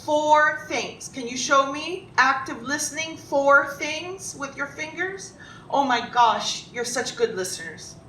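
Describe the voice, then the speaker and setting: A woman telling a story to children in an animated way, asking them questions as she goes. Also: unhurried. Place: congregation hall. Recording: roomy, distant, faint rumble.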